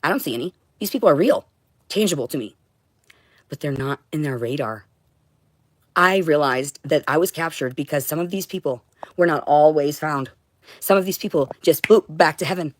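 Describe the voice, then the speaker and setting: A woman's voice: deep voice, normal speed, no echo. A woman streaming alone, talking in an intense, profane ramble of short broken phrases. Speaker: livestreamer. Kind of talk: rambling solo livestream monologue.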